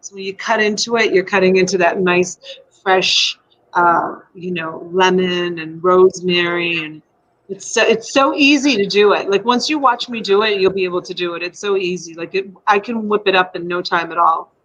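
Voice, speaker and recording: A woman's voice: fairly low pitch, normal speed, a bit bright, muffled recording. Woman host, middle-aged, rambling and effusive, home live stream. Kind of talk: casual live-stream chat. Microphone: USB desk mic.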